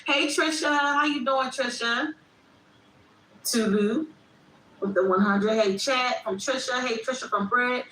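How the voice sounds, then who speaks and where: This livestream host has a somewhat high, sharp-toned voice and speaks a little slowly. She talks reflectively to her chat, going over the same points again. Faint background noise and room echo are audible.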